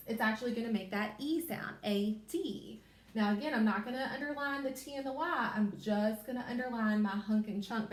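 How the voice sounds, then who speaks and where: A first grade teacher with a Kentucky accent leads young children through a reading lesson, sounding out letters slowly and clearly. Her voice is on the high side and the room is reverberant.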